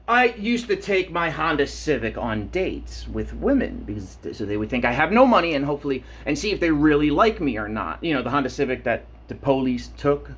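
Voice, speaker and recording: Standing in the shower at home, a man in his late thirties rambles profanely for his vlog, working himself up as he goes. He speaks in a mid-range voice that's a bit bright, with a breathy edge.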